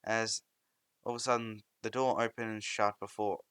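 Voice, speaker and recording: A man's voice: lowish voice, flat delivery, moderate pace, fairly bright tone, clear, resonant tone, no room sound. A young man narrating a fan story in a rambling, loosely improvised way, often restarting sentences.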